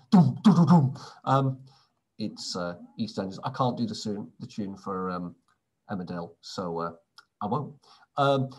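A man's voice: medium pitch, slightly rough. A man reading through quiz answers in a casual way, adding wry, sarcastic asides between questions. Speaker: quiz presenter.

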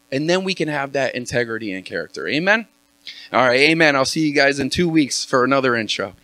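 Man, bright dry voice, chatty church intro speaker with jokes and fillers. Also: mid-range voice, expressive, a little fast, no echo. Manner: chatty, joking, many fillers like "like". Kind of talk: casual sermon with storytelling.

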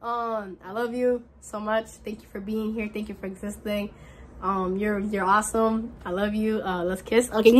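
A woman's voice: medium pitch, little pitch movement, moderate pace. A woman in her early twenties chatting casually to camera as a vlogger, slangy and earnest, repeating her points as she encourages her viewers. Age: early 20s. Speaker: vlogger giving college advice. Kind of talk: casual direct-to-camera chat.

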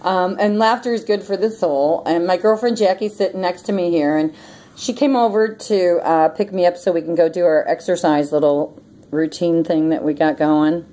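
A woman's voice: fairly low pitch, normal speed, warm tone, rough recording. A woman hosting a casual prayer and meditation vlog, chatty and rambling, who often breaks into laughter. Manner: chatty, rambling with many ums. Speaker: host of a prayer and meditation channel.

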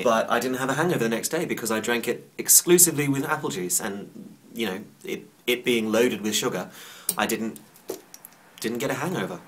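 A man's voice: lowish voice, fairly bright tone. A young man rambling casually to camera as a vlogger, chatty and playful with a self-mocking streak.

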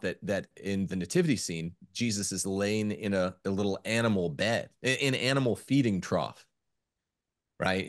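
A man on a podcast, a former teacher, talking in an animated storytelling way with some stammers. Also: low-pitched, no echo, studio quality. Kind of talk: casual podcast discussion.

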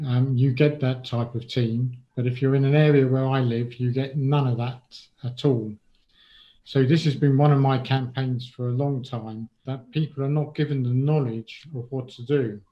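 A man's voice: mid-range voice, muffled recording. A middle-aged man from England, a guest in an interview, speaking casually and hesitantly, with many ums and restarts.

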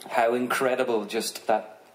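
A man with an Irish accent telling a joking, relaxed story to an audience between songs at a live outdoor concert. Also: medium pitch, measured pace, rough recording. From Ireland. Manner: relaxed, joking, chatty, swears casually. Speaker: singer on stage. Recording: live concert recording with crowd noise. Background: audience crowd murmur.

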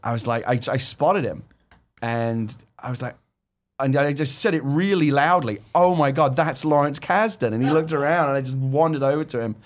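Excitable man telling stories. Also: medium pitch, moderate pace. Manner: excited storytelling with many restarts. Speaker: guest screenwriter. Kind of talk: casual chat.

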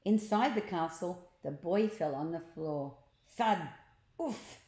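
A woman reading a children's storybook aloud at a slow, careful pace. Her voice sits a little low, and she stops to explain words and pictures to young listeners. The room gives it a noticeable echo. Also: dark tone. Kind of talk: children's book read-aloud. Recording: echoey room.

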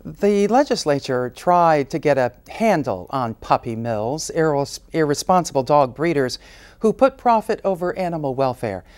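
A man's voice: on the high side, sing-song, normal speed, darkish tone, clear, resonant tone, no echo. Male public-radio news anchor. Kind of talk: scripted news reading.

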